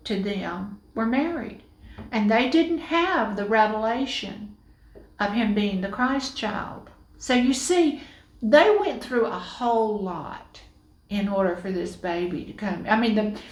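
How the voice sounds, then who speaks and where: A woman preaching a Christmas sermon, telling the story with lively, playful asides. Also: on the high side, roomy sound, rough recording.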